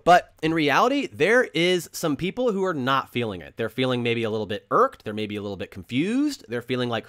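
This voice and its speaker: A man's voice: a little high, very animated, brisk, few pauses, fairly bright tone. A man hosting a crypto channel, talking casually and earnestly and repeating phrases for emphasis while he explains with drawings.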